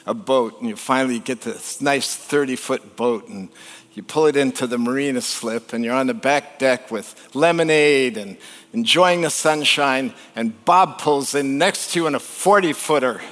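Joking conversational preacher in church hall. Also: male voice, medium pitch, moderate pace, a bit bright. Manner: conversational, joking, rhetorical questions to the congregation. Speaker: pastor. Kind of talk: sermon. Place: church sanctuary. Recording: long church hall reverb.

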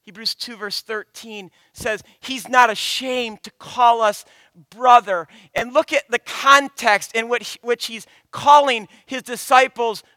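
Pastor, male, 30s: unhurried high voice, dry close sound, sermon with dramatic loud and hushed swings. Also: fairly even intonation, no room sound. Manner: swings from loud emphatic preaching to hushed near-whispers.

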